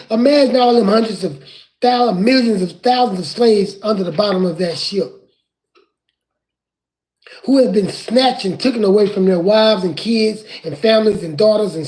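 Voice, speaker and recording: A man preaching from scripture in an impassioned way, rising at times to crying shouts. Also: high-pitched.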